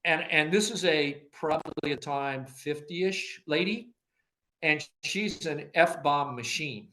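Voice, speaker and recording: A former agency director, now older and appearing as a podcast guest, recounts his career slowly in a relaxed interview. His voice is fairly high for a man, bright and forceful, and he animatedly takes on the voices of those he quotes, laughing frequently as he tells his anecdotes.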